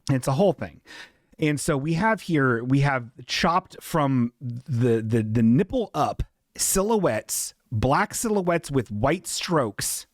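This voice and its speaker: A man's voice: medium pitch, lively intonation, takes it slowly, dry recording, clean studio sound. A man hosting a comedy livestream in casual chat, rambling and self-deprecating, often laughing at his own asides. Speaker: podcast host.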